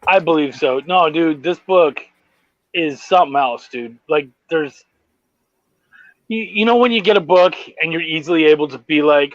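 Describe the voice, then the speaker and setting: Excitable high-voiced Canadian host, swearing freely. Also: male voice, moderate pace, dry recording, highs cut off. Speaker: podcast host. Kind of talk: casual chat.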